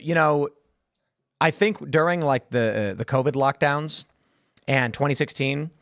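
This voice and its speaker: A man's voice: medium pitch, fairly bright tone, dry recording, studio quality. A man hosting a political talk show, explaining his views earnestly in long runs, with frequent restarts. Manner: earnest, lecturing, many restarts. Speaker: host.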